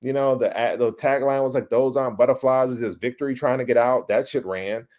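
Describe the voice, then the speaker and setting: A middle-aged man, a podcast guest, telling his career story in a casual, animated way, swearing and acting out past scenes. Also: mid-range voice, brisk. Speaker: podcast guest, ad creative director.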